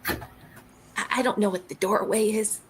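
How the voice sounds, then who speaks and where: A woman playing in a tabletop game, speaking hesitantly with many fillers as she excitedly retells events. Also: medium pitch, measured pace, a little hiss or hum. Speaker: player. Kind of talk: casual role-play chat.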